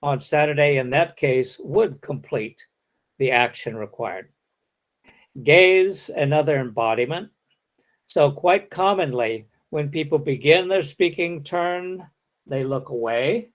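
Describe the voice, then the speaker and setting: A man's voice: fairly high pitch, expressive, takes it slowly. A man giving an academic lecture, explaining step by step and acting out example sentences.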